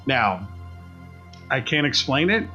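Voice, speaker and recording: A man's voice: medium pitch, slow pace, lo-fi sound, faint music behind. A man co-hosting a podcast, casually telling a story and acting out the voices of the people in it. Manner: animated retelling, acts out quoted voices. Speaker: podcast co-host.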